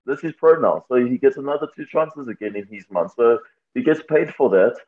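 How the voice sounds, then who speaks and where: A man's voice: medium pitch, brisk. A man, a fighter talking candidly and reflectively in an interview, laughing easily. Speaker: MMA fighter, guest. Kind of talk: casual interview talk. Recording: tinny phone-like line.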